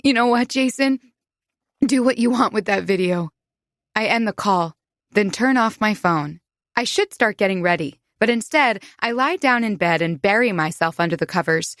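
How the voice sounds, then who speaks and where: Woman narrator, mid pitch, intimate first-person audiobook reading, dry close studio sound. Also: lively intonation, moderate pace, a bit bright, dry recording.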